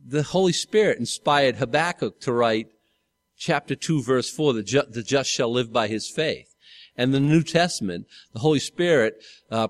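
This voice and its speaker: A man preaching a relaxed sermon to his congregation, speaking at an ordinary pitch. He talks conversationally, stops to correct himself and throws questions out to the listeners. The sound is dry and close. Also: no room sound. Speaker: pastor. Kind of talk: sermon, Bible teaching.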